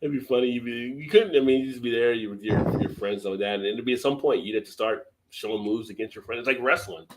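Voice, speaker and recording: A middle-aged man with a low voice chatting on a live stream, telling animated stories and laughing often. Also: fast talker, hardly any pauses, crowd noise, rough recording. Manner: laughs often, animated storytelling with put-on quotes. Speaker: beer channel live stream co-host. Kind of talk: casual live-stream chat.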